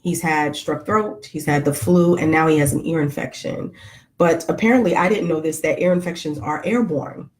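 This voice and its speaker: A woman's voice: low-pitched, normal speed. Chatty, joking woman vlogger. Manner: chatty, joking, greets viewers by name. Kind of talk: casual chat to live viewers.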